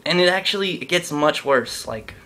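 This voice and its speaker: A man's voice: fairly high pitch, lively intonation, moderate pace, sharp tone. A young man vlogging a comic monologue, awkward and self-deprecating in a jokey way. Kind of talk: comedic vlog monologue.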